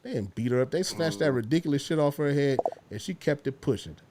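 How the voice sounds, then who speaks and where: A man's voice: fairly high pitch, fairly quick, noisy background. A man co-hosting a casual online talk show, joking and swearing freely as he argues. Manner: animated, joking, profanity-heavy, slips into mocking voices. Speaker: podcast co-host. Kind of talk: casual profane banter.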